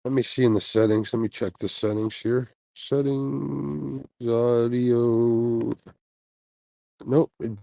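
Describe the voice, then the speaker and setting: A laid-back man chats through a casual livestream with a mellow, warm voice. He sounds sleepy and easygoing, with fillers and small laughs. The sound is dry and close, through an earbud mic. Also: medium pitch, fairly even intonation, takes it slowly, gravelly, dry recording, rough recording. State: sleepy, yawning after a night without sleep. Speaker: host of a fishing channel, livestreaming. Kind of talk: casual livestream chat, reading viewer comments. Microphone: earbuds mic on a phone stream.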